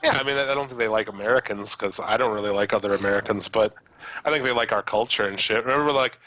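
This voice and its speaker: Bright-voiced man in casual wrestling chat. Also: on the low side, quick pace, muffled recording. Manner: loose, profane, laughs often. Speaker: podcast co-host.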